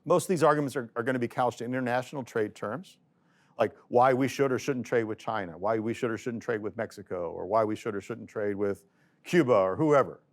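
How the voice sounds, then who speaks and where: Man giving a casual economics lecture. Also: fairly quick. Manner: conversational, acts out quotes with raised pitch.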